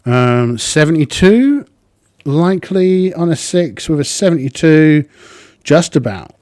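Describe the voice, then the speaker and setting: A man's voice: fairly high pitch, big pitch swings, slow pace, a little mellow, no echo. A man narrating his solo tabletop game, thinking aloud with plenty of ums.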